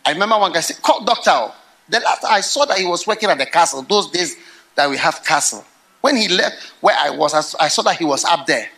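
A middle-aged man preaching a sermon, telling stories with animated swings into loud, laughing outbursts. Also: fairly high pitch, fast talker. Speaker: pastor.

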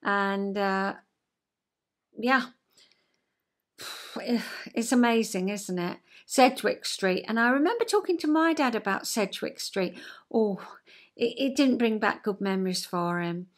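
A woman's voice: mid-range voice, expressive, unhurried, long pauses. A woman in her sixties from the south east of England with a Southern English accent, hosting a chatty home vlog, rambling with lots of fillers and asides. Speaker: vlog host. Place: at home, indoors.

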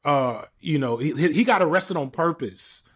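A man's voice: a little high, animated, moderate pace, fairly bright tone, slightly rough. A young man in a casual panel discussion, talking bluntly with many restarts and fillers.

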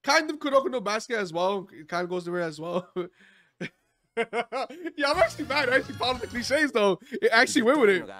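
A young man hosting an anime reaction, talking in an excitable, casual way, swearing a lot and laughing often. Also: extremely high pitch, fairly quick.

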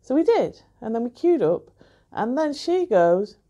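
Mellow-voiced woman grumbling about a hotel. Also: fairly high pitch, sing-song, measured pace, dull audio. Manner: complaining, chatty storytelling. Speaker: reviewer. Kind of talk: casual chat.

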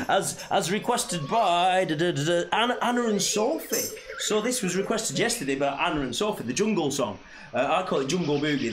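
A man hosting a live-streamed children's song session, cheerful and encouraging in a sing-song, chatty way. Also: high-pitched. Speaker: children's entertainer. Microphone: live stream mic. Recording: echoey room, loud guitar music. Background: guitar playing.

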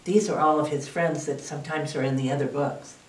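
A woman librarian reading a picture book aloud at storytime, expressive and inviting the children to join in. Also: sits low, a little fast. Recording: roomy, distant mic.

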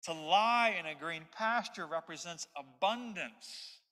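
A man's voice: high voice, animated, slow, sharp tone. A man preaching an expository sermon as pastor, stressing his points through repetition. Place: church sanctuary. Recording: long hall reverb.

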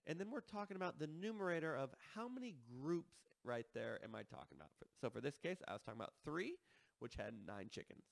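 A man's voice: fairly high pitch, gravelly, no room sound. A man teaching a math lesson, explaining step by step and checking in with listeners as he works through problems.

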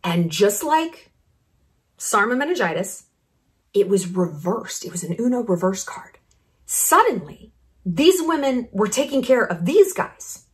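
This woman, a vlogger in her thirties, speaks at a medium, sing-song pitch. She's a YouTube commentator, and her opinion monologue comes out brash, blunt and sarcastic, peppered with quick asides.

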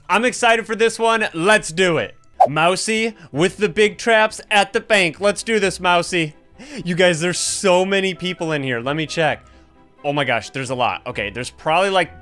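A bright, high-voiced young man talks over his gameplay, teasing the other players and breaking into quick laughs and sudden yelps. His tone is sharp and lively. Faint game music plays behind him. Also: clean tone. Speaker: gaming YouTuber. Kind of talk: excited gameplay commentary.

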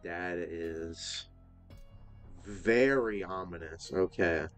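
Man, low and unhurried, narrating his horror game run; chats at the enemies, yelps when surprised. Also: faint music behind. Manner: talks to game characters, frequent startled exclamations. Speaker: gaming video host. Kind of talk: let's play commentary.

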